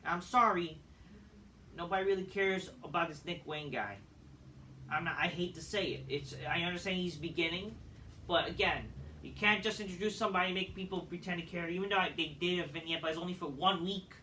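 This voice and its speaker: A man ranting through a wrestling show review, swearing and venting his frustration. His voice sits high and sounds sharp and forceful. He is a little distant from the mic, with a faint hiss behind him. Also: a little fast. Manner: profane, exasperated ranting.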